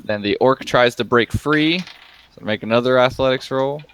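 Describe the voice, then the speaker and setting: A man's voice: medium pitch, moderate pace, fairly bright tone, clean tone. A young man running a tabletop game as game master, talking casually with lots of fillers and frequent laughter.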